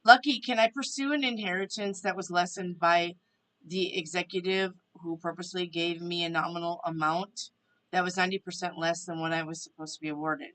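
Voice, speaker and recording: A woman's voice: fairly low pitch, steady tone, fairly quick, fairly bright tone, poor audio. A woman hosting a casual live stream, chatting to viewers and reading their questions aloud. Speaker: tarot reader and live stream host.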